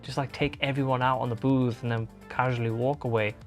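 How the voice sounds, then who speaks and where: A man's voice: medium pitch, fairly even intonation, a little fast. Chatty man with guitar behind him. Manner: chatty, rambling, answers chat messages. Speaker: livestream host and guitarist. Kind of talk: casual livestream chat.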